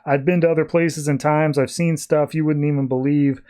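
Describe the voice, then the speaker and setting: A man's voice: a little high, fairly even intonation, moderate pace, dark tone, lightly acted. A man voicing a cocky superhero man from the future as he recaps a comic, speaking earnestly.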